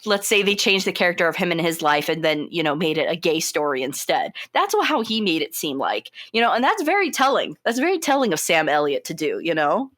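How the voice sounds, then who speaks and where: A young woman co-hosting a podcast in a loose, chatty way, full of "like" and "you know". Her voice is on the lower side for a woman. She talks with an easy conversational energy. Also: brisk, few pauses. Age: young adult. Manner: chatty, animated, lots of fillers. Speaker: podcast co-host. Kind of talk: casual chat.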